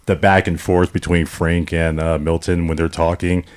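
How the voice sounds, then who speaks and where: A man with a very deep voice chats about close-ups and shaky camera work on a movie podcast. His delivery stays easygoing and conversational. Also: little pitch movement, moderate pace. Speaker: podcast co-host. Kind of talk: casual movie podcast chat.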